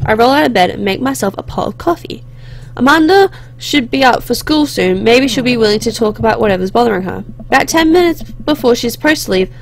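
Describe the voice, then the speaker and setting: A woman's voice: mid-range voice, a little hiss or hum. A young woman hosting a let's play, reading a visual novel aloud with chatty, reflective asides.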